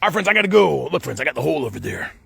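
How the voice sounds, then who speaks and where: Dude vlogging on his phone outside, bright raspy voice, keeps going "friends". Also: fairly high pitch, rapid-fire, no echo. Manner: says "friends" in nearly every line, rambling and excitable. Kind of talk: rambling monologue to camera.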